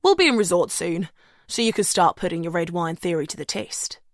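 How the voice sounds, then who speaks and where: A woman voicing an easygoing young male driver with an Australian or New Zealand accent and a relaxed drawl. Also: lowish voice, fairly quick, no echo, clean studio sound.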